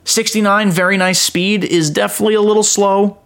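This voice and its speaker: A man's voice: sits high, fairly even intonation, a little fast, creaky, few pauses, a bit bright. A young man hosting a casual gaming podcast, rambling and enthusiastic, poking fun at himself as he goes. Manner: rambling, self-mocking, enthusiastic. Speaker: podcast host.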